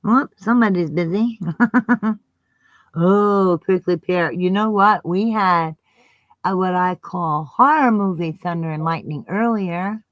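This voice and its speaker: Slow-talking woman chatting with live viewers. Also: fairly low pitch, dry recording, highs cut off. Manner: warm, giggly, affectionate toward viewers. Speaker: live stream co-host. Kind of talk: casual live stream chat.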